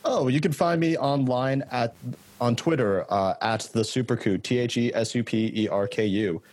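A man's voice: mid-range voice, moderate pace, a little mellow, no room sound. A man appearing as a guest on a movie podcast, talking in a casual, upbeat way.

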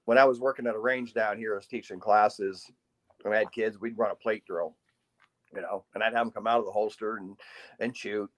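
Man telling lively shooting stories. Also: fairly low pitch, a little fast. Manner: animated storytelling with sound effects and laughs. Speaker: podcast guest, pistol marksmanship instructor. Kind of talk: casual interview storytelling.

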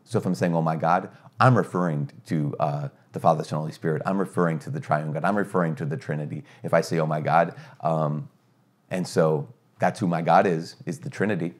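A middle-aged man, a priest, giving a conversational teaching, earnest and energetic with rhetorical questions and frequent restarts. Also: very deep voice, brisk.

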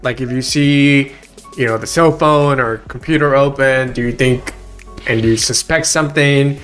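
A man's voice: mid-range voice, normal speed, fairly bright tone, clean tone, soft background music. A man co-hosting a casual true-crime podcast, easygoing and agreeable as he recounts case details. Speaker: podcast co-host.

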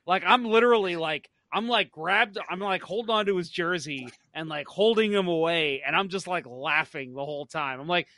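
A man hosting a hockey podcast, telling stories in a casual, animated way and laughing often. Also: sits high, moderate pace, few pauses, no echo. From St. Louis area. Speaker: podcast host. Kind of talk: casual chat.

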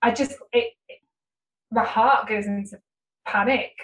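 A woman guest on a podcast, chatting casually in an animated, self-deprecating way and restarting her sentences often. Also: a little high, a little slow, poor audio. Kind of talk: casual conversational interview.

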